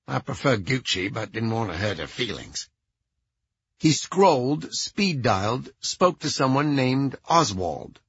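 A man's voice: medium pitch, sing-song, measured pace, fairly bright tone, husky, dry recording. A man narrating a first-person audiobook in a dry, wry way, on a slightly dull recording.

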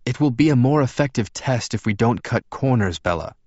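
A man voicing a calm doctor who explains things in a measured way. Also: medium pitch, no room sound, highs cut off, pitched above the performer's own voice, natural voice.

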